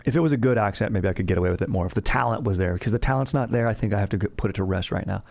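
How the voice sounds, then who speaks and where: A man's voice: lowish voice, very fast, creaky, few pauses, darkish tone. A man hosting a comedy history podcast, telling the story in a rambling, slangy way. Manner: rambling, slangy, laughs at his own jokes. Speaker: podcast host.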